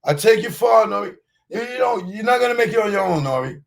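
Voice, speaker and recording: A man doing a high wheedling scheming record exec. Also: lively intonation, quick pace, creaky. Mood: coaxing. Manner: high, wheedling, taunting sing-song. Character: sly scheming male record executive, coaxing and mocking.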